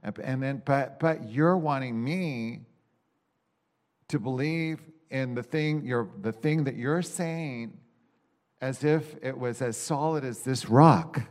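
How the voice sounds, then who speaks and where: A man telling in a loose, candid way how he talks with God, with many restarts. He moves between exasperated bursts and quiet, reflective stretches. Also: mid-range voice, slow pace. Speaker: Christian speaker sharing a personal reflection. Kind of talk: casual spoken reflection.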